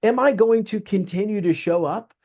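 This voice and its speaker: Man, from Southeast Virginia, realtor guest, earnest, animated, fairly high-pitched. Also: normal speed. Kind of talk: conversational interview.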